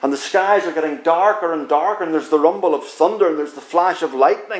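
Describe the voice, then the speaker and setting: A man delivers a sermon as a vivid story told in the second person. His voice sits somewhat high, and he builds tension and slows down to stress key moments. The sound carries a noticeable room echo. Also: slight background noise.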